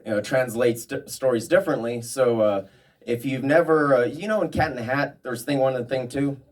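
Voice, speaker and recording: A man from New Mexico doing a stand-up comedy set, rambling and halting with many ums. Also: medium pitch, distant mic.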